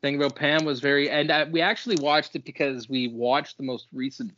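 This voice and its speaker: A man's voice: on the high side, fairly even intonation, fairly quick, a bit bright, lo-fi sound, a little hiss or hum. A man co-hosting a casual movie podcast, reading reviews in an easygoing tone. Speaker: podcast co-host.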